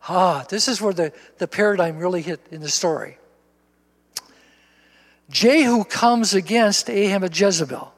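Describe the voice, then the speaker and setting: A man's voice: high-pitched, a little slow, long pauses, long reverb tail. A male pastor preaching a sermon, reading scripture aloud and applying it to his listeners, repeating words for emphasis.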